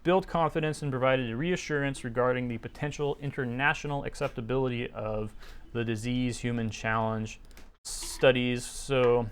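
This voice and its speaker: A man's voice: mid-range voice, fairly even intonation, moderate pace, smooth. A man casually reading aloud from a research paper and commenting on it with sarcastic, skeptical remarks and many fillers.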